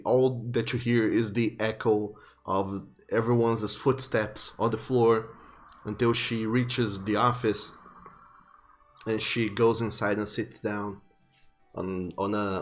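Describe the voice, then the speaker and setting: A man's voice: lowish voice, flat delivery, unhurried, soft background music. A man narrating as game master in a tabletop game, casual and loose, with plenty of fillers.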